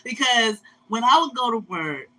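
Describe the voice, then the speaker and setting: A woman's voice: a little high, animated, normal speed, bright, forceful tone, rough recording. A middle-aged woman telling a casual story, often cursing, laughing, and acting out other people's lines. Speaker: vlogger.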